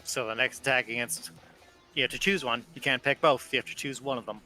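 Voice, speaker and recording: A man's voice: mid-range voice, steady tone, fast talker, pushed and bright, faint music behind, low-quality recording. A man acting as game master, explaining rulings step by step. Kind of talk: running a tabletop game.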